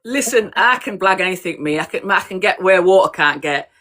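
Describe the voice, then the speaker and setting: A woman's voice: on the low side, animated, brisk, fairly bright tone. A woman as a guest on a live-stream chat, talking in a blunt, down-to-earth way. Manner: blunt, down-to-earth and plain-spoken. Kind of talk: casual chat. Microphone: video call on live stream.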